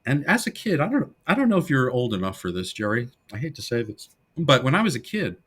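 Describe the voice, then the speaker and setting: A middle-aged man co-hosts a podcast in a casual film discussion, speaking fast in a mid-range, slightly rough voice. He animatedly retells classic comedy scenes, acting out the film's lines in character.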